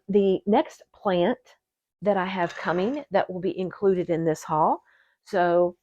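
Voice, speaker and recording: A woman hosting an orchid channel, chatting to her viewers in a gushing, excitable way while unboxing at a table indoors. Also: medium pitch, dry recording, highs cut off. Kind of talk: casual unboxing chat to viewers. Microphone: camera set on the table.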